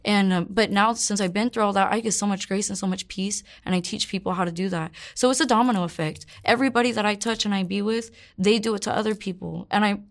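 A woman's voice: medium pitch, steady tone, quick pace, hardly any pauses. Young woman in her 20s being interviewed, talks rambly and blunt, lots of likes and ums, swears. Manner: rambling, frank, curses freely, many fillers. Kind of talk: candid personal storytelling.

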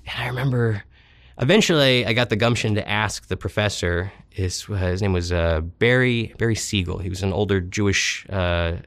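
A man's voice: fairly low pitch, moderate pace, fairly bright tone, dry recording. A man in his thirties, an interview guest, telling rambling stories with self-deprecating humor. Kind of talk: casual storytelling interview.

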